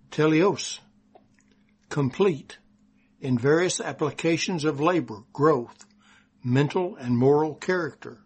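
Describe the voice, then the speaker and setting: A man from Texas with a Texan accent, preaching a sermon and reading scripture aloud slowly and deliberately. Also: fairly high pitch, darkish tone, slightly rough.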